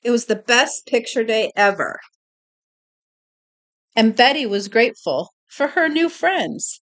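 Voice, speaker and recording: A woman reading a picture book aloud to a child, slowly and expressively, pausing to point out the pictures. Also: fairly high pitch. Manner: slow, expressive, doing voices and pointing out pictures.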